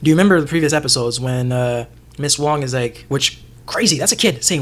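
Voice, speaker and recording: A man co-hosting a casual TV discussion podcast, animated and profane, laughing often and acting out characters' lines. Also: medium pitch, fairly quick. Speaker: podcast co-host.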